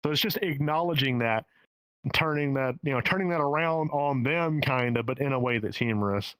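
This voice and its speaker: A man's voice: medium pitch, normal speed, a bit bright, clear, resonant tone, dry recording, low-quality recording. A man with a Southern US accent talking as a stand-up comedian guest in a casual podcast interview, candid and profane, often restarting his sentences. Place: home in the Pacific Northwest.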